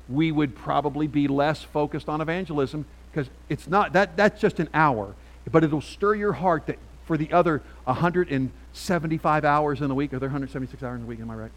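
A middle-aged man preaching a sermon as pastor, emphatic and swinging from quiet asides to loud calls. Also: fairly high pitch, fairly quick, hardly any pauses, low-quality recording.

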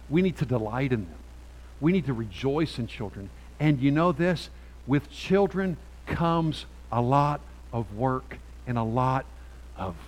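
A man's voice: medium pitch, slight background noise, rough recording. Impassioned preaching man. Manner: impassioned, repetitive preaching with rising bursts. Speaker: pastor. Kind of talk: sermon. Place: church sanctuary.

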